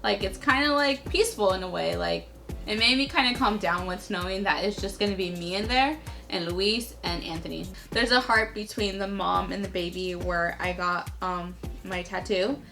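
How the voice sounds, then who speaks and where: A young adult woman vlogs to camera, sharing a personal story in a casual, chatty way and using "like" constantly as a filler. Her medium-pitched voice is creaky, pushed and bright, at normal speed, with faint music in the background.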